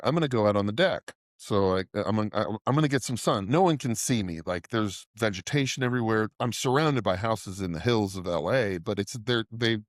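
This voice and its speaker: A middle-aged man with a fairly low voice tells a long, profane story on a casual podcast, rambling and laughing as he goes. The sound is dry and close, with no room around it. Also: dry recording. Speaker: podcast co-host.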